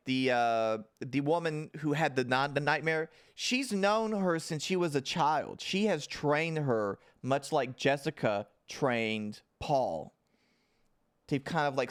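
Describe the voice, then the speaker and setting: A man's voice: a little high, clear, resonant tone. A man recapping a TV episode in a rambling, casual livestream, with many fillers and restarts. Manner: laughs and swears casually. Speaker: TV show reviewer.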